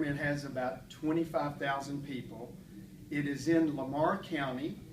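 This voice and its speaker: A man giving a prepared club speech, with folksy storytelling and light self-deprecating humor. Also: mid-range voice. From Paris, Texas. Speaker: club speaker. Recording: echoey room, mic far off, faint hum.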